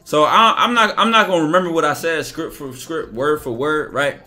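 A man's voice: fairly high pitch, a little fast, pushed and bright, faint music behind. A man talking casually and emphatically on a livestream, acting out bits of dialogue as he goes. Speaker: streamer. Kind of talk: livestream monologue.

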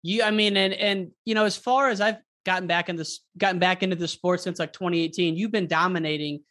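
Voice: mid-range voice, steady tone, brisk, fairly bright tone. An enthusiastic podcast host leads a casual interview. They stretch out the words they want to stress and keep the conversation moving with eager questions.

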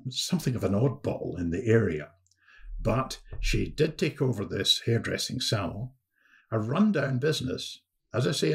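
A man, a historian guest on a podcast, telling a story in a lively anecdotal way with frequent restarts. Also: medium pitch, vocal fry.

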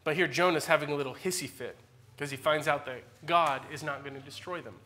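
A man in his forties, a pastor preaching a church sermon with animated, dramatic emphasis that swings between loud peaks and quiet asides. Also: a little high, brisk.

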